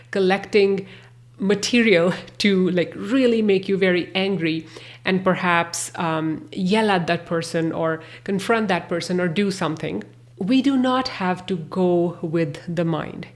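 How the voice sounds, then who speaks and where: A woman hosts a reflective self-help talk, her voice sitting a little low. She speaks gently and earnestly, pausing on soft fillers as she works through her thoughts. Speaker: podcast host.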